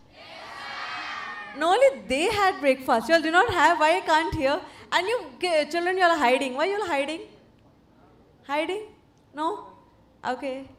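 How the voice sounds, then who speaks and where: A woman with an Indian English accent hosts a summit from a handheld mic in a large hotel hall. Her voice sits high, and she chats, teases and coaxes the audience for more energy between her formal welcome lines. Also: animated, moderate pace, pauses often, fairly bright tone. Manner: chatty and teasing, coaxing the crowd for energy. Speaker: event host. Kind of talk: live event hosting, addressing an audience.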